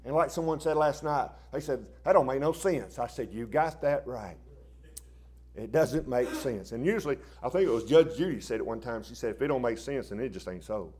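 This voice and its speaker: A man preaching a sermon in a folksy, plain-spoken way, dropping to quiet asides and rising into loud impassioned bursts. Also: medium pitch, animated, brisk, breathy edge.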